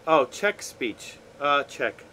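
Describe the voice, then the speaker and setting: Laid-back, slow-talking, swearing male streamer. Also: fairly high pitch, big pitch swings, bright, forceful tone, a little hiss or hum, low-quality recording. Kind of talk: casual chat with chat while gaming.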